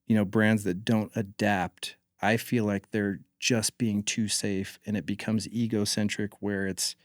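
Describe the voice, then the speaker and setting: A man's voice: on the low side, level tone, measured pace, few pauses, no room sound, clean studio sound. A man from North Carolina, a podcast guest who talks about marketing in a thoughtful, opinionated way and says he mumbles. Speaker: guest, former marketing executive. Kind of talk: casual podcast conversation.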